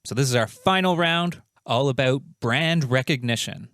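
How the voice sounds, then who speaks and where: A man hosts a comedy quiz, reading each question with a playful, self-mocking humour. His voice is smooth and resonant at an ordinary middle pitch. The sound is close and dry, with no room in it. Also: normal speed, fairly bright tone, dry recording. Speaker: quiz show host.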